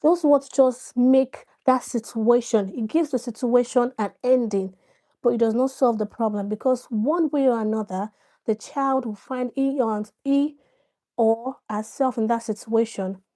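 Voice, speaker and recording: A woman's voice: a little high, measured pace, dark tone. A woman hosting a live stream, chatting with viewers, greeting them by name and explaining her points through examples. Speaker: live-stream host giving parenting advice. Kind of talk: casual live-stream talk.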